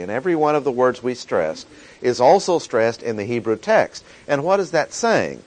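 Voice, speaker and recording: A man teaching a Bible lesson, reading verses aloud and stressing key words deliberately. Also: mid-range voice, very animated, poor audio.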